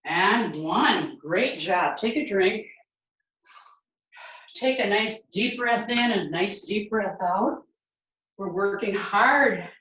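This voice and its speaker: A woman fitness instructor leading a guided home workout, counting reps aloud and giving steady encouraging cues. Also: medium pitch. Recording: very echoey room, mic far away.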